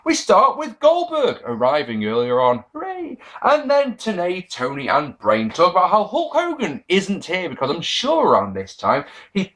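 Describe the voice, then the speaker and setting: A man talks through a wrestling event in a loose, sarcastic review. His slightly high voice swings wildly up and down as he mocks the matches and swears freely. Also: a bit bright. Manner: sarcastic, profane, mock-quoting people. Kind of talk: casual review monologue.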